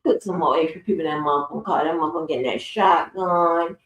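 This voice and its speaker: On her casual livestream, a woman tells stories packed with cursing and laughter. She speaks quickly in a low, somewhat bright voice, and the muffled audio is roomy, with the mic set well back.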